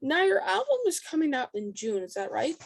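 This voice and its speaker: A woman hosting a casual interview with a band, teasing and quick to laugh. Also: high-pitched, very animated, vocal fry. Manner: giggly, teasing. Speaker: podcast host.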